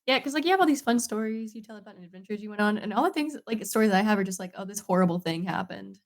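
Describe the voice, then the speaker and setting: A woman co-hosting a podcast in casual chat, dropping quick, dry quips. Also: fairly high pitch, animated. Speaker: podcast co-host.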